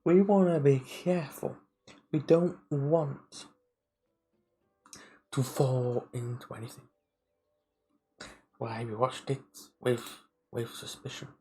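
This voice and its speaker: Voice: medium pitch, steady tone, takes it slowly, pauses often, warm tone, husky, poor audio. A streamer on a live game play-through, reading the story text aloud and stopping to comment, often stumbling over and restarting words.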